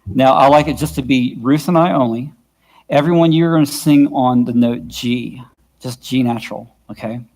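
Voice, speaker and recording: A male worship music instructor with a mid-range, slightly mellow voice leads a church worship team's vocal workshop at a moderate pace. He's patient and often checks that the group is following, with his own guitar in the background.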